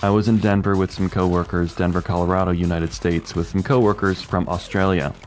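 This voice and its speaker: Casting: lower-voiced male podcast co-host, chatty anecdote teller, light music bed. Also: little pitch movement, brisk. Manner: chatty storyteller, laughs easily. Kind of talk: casual music chat.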